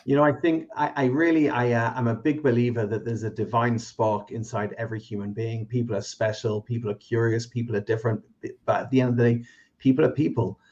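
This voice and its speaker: A man's voice: mid-range voice, fairly even intonation, brisk, a little mellow. British man on a muffled call. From Britain. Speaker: guest. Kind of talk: live online interview.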